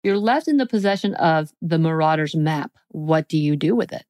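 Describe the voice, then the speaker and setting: A woman's voice: low voice, expressive, a little mellow, no room sound. A woman co-hosting a podcast, reading quiz questions aloud and joking along the way. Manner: playful, joking, reads options in quick lists. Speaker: podcast co-host.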